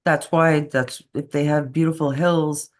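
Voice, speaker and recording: A woman's voice: deep voice, steady tone, a little slow. A woman co-hosting a casual conspiracy talk show, chatty and laughing often as she jumps between topics. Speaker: podcast co-host.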